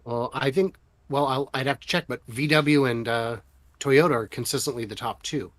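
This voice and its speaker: A man's voice: medium pitch, normal speed, a bit bright. A man co-hosting a casual podcast, chatting with wry, joking asides. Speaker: co-host.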